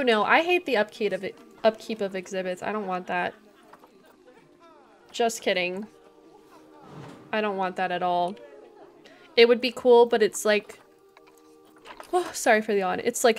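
A woman's voice: medium pitch, moderate pace, gravelly, long pauses, faint music behind. A young woman livestreaming a zoo-building game, chatting casually, thinking aloud and greeting viewers in chat. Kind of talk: casual gameplay commentary.

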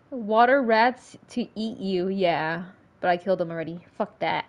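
A woman livestreaming a game with casual commentary, excitable, swearing often and breaking into laughs and panicky outbursts. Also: medium pitch, slow pace, lo-fi sound.

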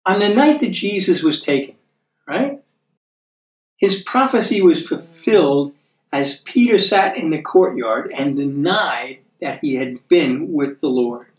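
American man, Bible teacher, somewhat high voice, chatty with tag questions, slows down for scripture. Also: animated. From United States. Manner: chatty, checks in with tag questions like "okay?" and "right?". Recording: echoey room, voice from a distance.

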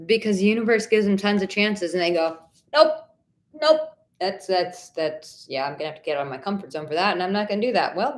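A woman relationship coach answering viewers' questions in a live stream Q&A, candid and emphatic, casually swearing and calling viewers honey and darling. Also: lowish voice. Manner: warm pet names for viewers.

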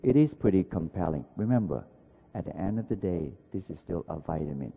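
Deep, gravelly man lecturing in a hall. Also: animated, a little fast, faint music behind. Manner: earnest, repeats words, non-native grammar. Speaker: conference lecturer. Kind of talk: academic conference lecture. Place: large conference hall. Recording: dull lo-fi hall recording.

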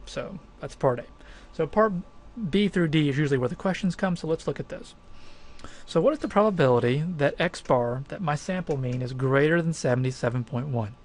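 A male statistics teacher goes through a problem stage by stage in a recorded lecture, speaking with emphasis in a chatty tone and filling pauses as he reasons out loud. He talks fairly quickly with a fairly high pitch.

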